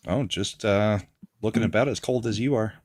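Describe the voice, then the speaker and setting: A man's voice: lowish voice, moderate pace, darkish tone, no echo. A man speaking as a guest panelist on a live online show, laid-back with dry humor. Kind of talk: casual panel chat.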